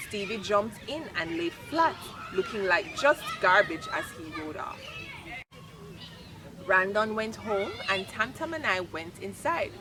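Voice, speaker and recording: A woman reading a children's chapter book aloud, lively and expressive. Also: mid-range voice, noisy background. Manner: expressive, lifts voice for quoted lines. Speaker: storybook reader. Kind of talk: read-aloud children's story narration.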